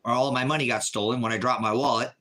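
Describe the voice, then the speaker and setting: Bright-voiced man ranting on a livestream. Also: medium pitch, fairly even intonation, fast talker. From Oregon, USA. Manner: emphatic, repetitive, argumentative. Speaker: livestream host. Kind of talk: casual livestream rant.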